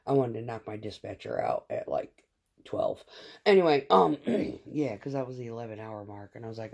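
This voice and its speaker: A woman's voice: a bass voice, big pitch swings, normal speed, vocal fry, a little mellow. A woman chatting casually in a vlog about remodeling her home, rambling and swearing freely. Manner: rambling and profane.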